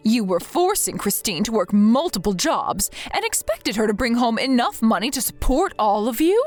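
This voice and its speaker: A woman's voice: on the high side, sing-song, normal speed. A woman voicing a stern, scolding grandmother. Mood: accusing. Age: older. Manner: firm, scolding. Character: worried stern grandmother texting. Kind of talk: text-message story read aloud. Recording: soft music behind.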